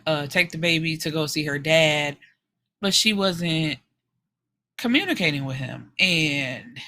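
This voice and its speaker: A woman with a bright, forward tone talks through a novel's plot on her book podcast. She is animated and frank, drops into the characters' lines as she tells it, and swears casually along the way. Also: sits low, slight background noise. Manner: animated storytelling, slips into character quotes.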